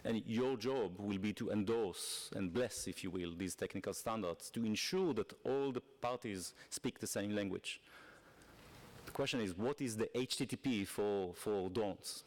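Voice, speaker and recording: A man's voice: lowish voice, a little slow, a little mellow. A man speaking for industry on a conference panel, emphatic and persuasive. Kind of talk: conference talk.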